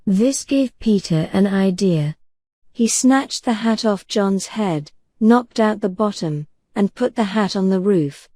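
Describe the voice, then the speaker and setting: Soft-spoken woman reading a bedtime story. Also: medium pitch, lively intonation, dry recording. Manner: gentle, unhurried, soothing. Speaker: audiobook narrator.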